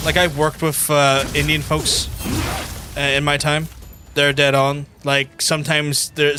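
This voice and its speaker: Over game music, a young Irish man talks on his livestream in a sharp-toned voice on the high side. His chatter is casual, blunt, and full of swearing, fillers, and false starts.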